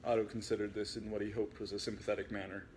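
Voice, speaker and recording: Low-voiced guy reading his own book out loud, relaxed and chatty. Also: fast, a little hiss or hum. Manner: relaxed, chatty asides between passages.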